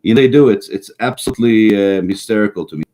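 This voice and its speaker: A man's voice: lowish voice, fast talker, dark tone, a little hiss or hum, poor audio. A middle-aged man co-hosting a casual political talk show, rambling and mocking, often repeating himself.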